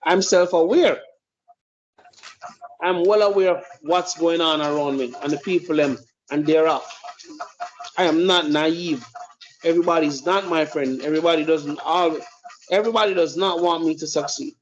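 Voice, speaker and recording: A man's voice: fairly high pitch, moderate pace, pauses often, faint music behind. A man giving blunt, profane opinionated commentary as a podcast host. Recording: dull lo-fi recording.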